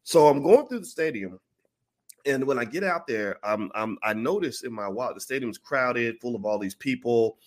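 A man's voice: mid-range voice, moderate pace. A man vlogger telling a story in a casual way, acting out the people in it. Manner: animated, acts out the people in his stories.

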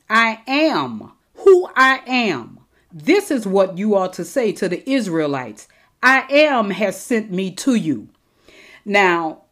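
A woman teaching the Bible in a sermon style, slowing down to stress quoted scripture. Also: mid-range voice. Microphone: recorded teaching episode.

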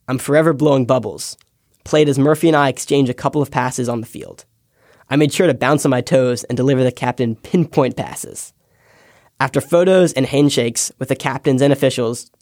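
Young man, scripted essay narration, wry deadpan asides, dry close recording. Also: mid-range voice, dry recording. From United States. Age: young adult. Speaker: intern.

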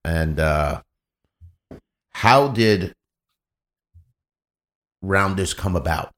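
A man's voice: low voice, animated, extremely slow, fairly bright tone. A man hosting a podcast, easygoing, with short agreeing replies and brief questions. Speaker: podcast host. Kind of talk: casual podcast conversation.

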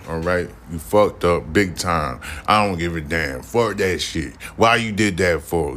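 A deep-voiced man with a slightly bright tone rants heatedly on his own solo podcast, swearing heavily. He repeats his points and keeps addressing the listener directly to hammer them home.

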